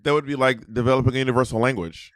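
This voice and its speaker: A man's voice: medium pitch, fairly even intonation, very fast, smooth, no echo. A man co-hosting a podcast in casual chat, offhand and joking. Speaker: podcast co-host.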